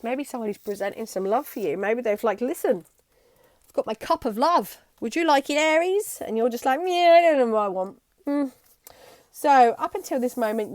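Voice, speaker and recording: A woman's voice: medium pitch, a little mellow, no room sound. Chatty woman giving a tarot reading. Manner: chatty, bubbly, breaks into playful voices. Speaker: tarot reader. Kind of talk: casual tarot reading to camera.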